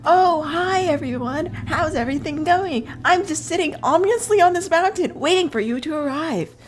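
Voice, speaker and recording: A woman's voice: extremely high pitch, expressive, normal speed, slight background noise, voice pushed up. A woman voicing a scheming man who fakes cheerful innocence in a falsely chirpy, sing-song way.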